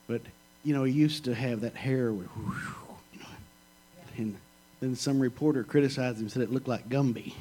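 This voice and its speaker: A man's voice: mid-range voice, normal speed, dark tone, slight background noise, rough recording. A middle-aged man preaching a sermon, telling stories in a folksy, joking way. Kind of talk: sermon with storytelling.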